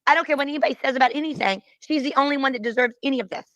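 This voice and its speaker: A woman rants on a live stream in a high, quick voice, throwing out insults and brushing people off. The sound is close and dry, with no echo at all. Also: a bit bright. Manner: insulting and dismissive. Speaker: streamer in a played clip. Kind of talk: combative live-stream rant.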